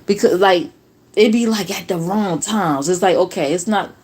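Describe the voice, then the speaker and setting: A woman's voice: on the low side, normal speed, darkish tone, a little hiss or hum. Sassy, profane woman streamer from Jersey. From New Jersey. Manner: profane, sassy, sarcastic, talking straight to viewers. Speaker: livestream reaction host. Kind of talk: casual livestream commentary.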